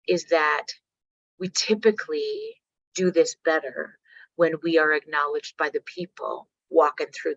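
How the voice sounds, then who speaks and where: A woman from Canada giving a workshop talk, telling stories with animated, salty language and checking in with her audience. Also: on the low side, no echo. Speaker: workshop speaker. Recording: dull lo-fi dry sound.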